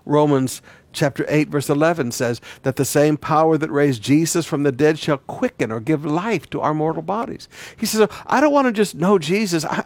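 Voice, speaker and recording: A male pastor preaching a sermon, repeating words and swinging between loud declaring and quiet, pressing emphasis. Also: a little high, no echo.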